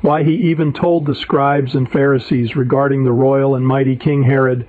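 A man's voice: mid-range voice, moderate pace, few pauses. A man preacher reading his own sermon paper aloud, emphatic and indignant. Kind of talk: read sermon narration. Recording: tinny phone-like audio.

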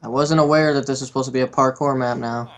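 A man's voice: mid-range voice, fairly even intonation, fast. A young man hosting a casual let's play, exasperated and swearing through his commentary. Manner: exasperated, swears, frequent outbursts.

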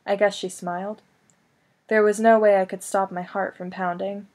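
A woman narrating a first-person audiobook in a wry, conversational tone. Her voice sits at an ordinary middle pitch and moves along easily. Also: level tone, moderate pace, darkish tone. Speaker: audiobook reader.

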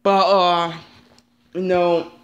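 A man's voice: sits high, level tone, extremely slow, fairly bright tone, lo-fi sound. A man ranting in a vlog, upset and rambling, repeating himself and swearing often. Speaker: vlogger.

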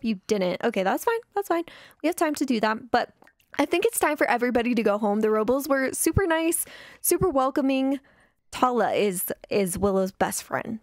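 Excitable high-voiced woman narrating gameplay. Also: no echo. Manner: excitable and chatty, talking to viewers. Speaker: gameplay commentator. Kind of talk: casual let's-play commentary.

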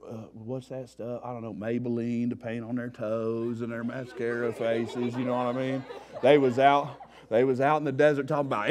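A man with a mid-range voice shares his story at a church recovery revival in the manner of a sermon. Speaking in slangy street talk, he gets animated and plays out the panic he used to feel.

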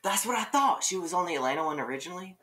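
A man's voice: sits high, animated, very fast, pushed and bright. A man with a Mississippi Southern accent, a guest in a casual chat who rambles easily and laughs often. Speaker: guest, social media creator.

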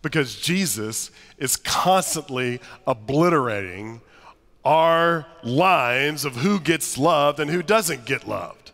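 A man delivers a sermon in a high, sharp-edged voice, weaving funny stories into his teaching. He speaks to a congregation in a church with a long, ringing reverb. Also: slow pace. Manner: animated, humorous storytelling to a congregation. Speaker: pastor. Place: church sanctuary.

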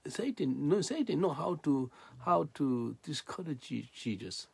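Gravelly guy preaching, dark husky voice, broken english, keeps asking "do you understand". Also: a little high, very animated, unhurried, no room sound. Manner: non-native English, frequent restarts and rhetorical questions. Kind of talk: sermon with scripture reading.

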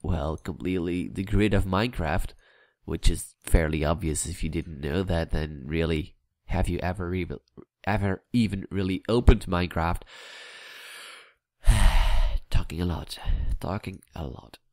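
Rambling man narrating his game build, low voice, dry close sound, chatty and self-mocking. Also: fairly even intonation, a little slow, darkish tone, no echo. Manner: rambling, chatty, mutters at himself with filler words; plays with a vague put-on accent. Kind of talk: casual gameplay building commentary.

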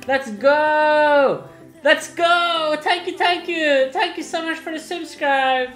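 A woman's voice: sits high, slow, a bit bright. A woman in her late twenties, a gaming YouTuber reacting live to a subscriber milestone, exclaiming, laughing and repeating herself. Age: late 20s. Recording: echoey room with faint music.

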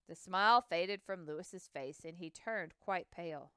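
A woman reading a children's chapter book aloud, expressive, with occasional slips and restarts. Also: on the low side, a little slow, hardly any pauses, clear, resonant tone, dry recording. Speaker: reader. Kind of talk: storybook read-aloud.

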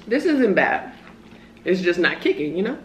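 A woman's voice: lowish voice, slight background noise. A woman in her early twenties vlogging a casual mukbang chat, slangy and talking while eating. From Southern California. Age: early 20s. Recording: roomy echo.

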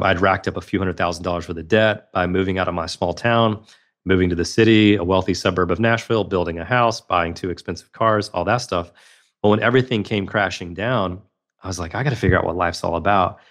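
A man in his thirties, a podcast guest telling a personal story in an earnest, reflective way. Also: low-pitched.

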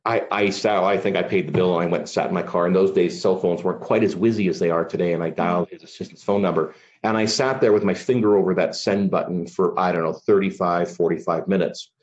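A middle-aged man speaks as a podcast guest in a low, earnest voice. He tells his story casually and leans on "you know" between thoughts. The sound is muffled and lo-fi. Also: steady tone, fast talker, few pauses. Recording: dull lo-fi recording.

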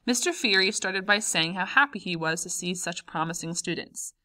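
Woman reading an audiobook, calm and measured, kinda low but bright. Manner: calm, measured, first-person memoir reading. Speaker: audiobook narrator.

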